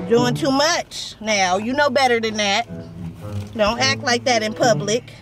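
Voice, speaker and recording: A young woman hosting a prank vlog, talking in an animated, sing-song, slangy way. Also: fairly high pitch, measured pace. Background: loud background music.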